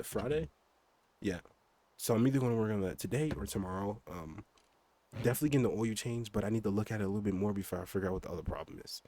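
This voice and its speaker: Over a little hiss or hum, a young man with a lowish, darkish voice chats casually while gaming. He rambles about his motorbike and car, full of fillers and some mild swearing.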